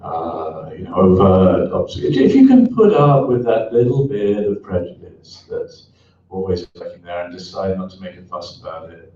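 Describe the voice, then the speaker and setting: A middle-aged man, speaking as an author in a reflective interview, frank and thoughtful with many pauses and restarts. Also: deep voice, big pitch swings, warm tone, a little hiss or hum. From England. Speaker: author and columnist. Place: event hall before an audience. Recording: echoey, distant, dull event recording.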